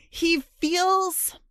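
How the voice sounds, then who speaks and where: A woman co-hosting a podcast in casual chat, halting and searching for words, with casual swearing. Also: very high voice, vocal fry, pushed and bright, dry recording, studio quality. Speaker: podcast co-host.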